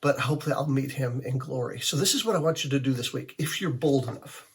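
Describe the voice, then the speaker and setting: A male pastor giving a conversational sermon-style teaching talk, telling stories with lively acted-out quotes. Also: mid-range voice, fast talker, creaky, slightly rough.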